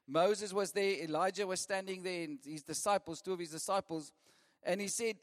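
A man preaching a lively sermon, often laughing and repeating lists for emphasis. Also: high voice, moderate pace. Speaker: pastor. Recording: long reverb of a church hall.

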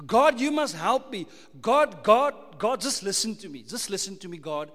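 A man's voice: high voice, lively intonation, moderate pace, a bit bright. A man voicing a desperate, self-pitying male prophet who insistently pleads and demands to be heard, with long hall reverb. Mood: pleading. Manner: insistent, demanding, repeatedly calling out to God.

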